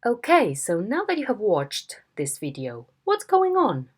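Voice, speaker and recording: A woman teaching a phonetics lesson in a slow, deliberate way, demonstrating tones. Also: mid-range voice, huge pitch swings, breathy edge. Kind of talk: video lesson instruction.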